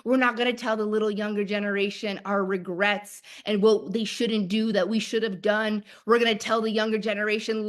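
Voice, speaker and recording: An excited woman in her thirties coaches her audience with emphatic, fired-up energy. She keeps circling back to her key phrases and pushes each point hard. Her voice sits at an ordinary middle pitch. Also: a little fast, hardly any pauses. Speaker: manifestation coach. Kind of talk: motivational masterclass talk.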